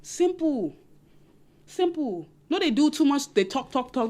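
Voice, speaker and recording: A young woman with a non-American English accent giving casual dating advice to her viewers, animated and repetitive, often acting out what other people say. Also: high voice, a little slow. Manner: animated, repetitive, acts out quoted voices.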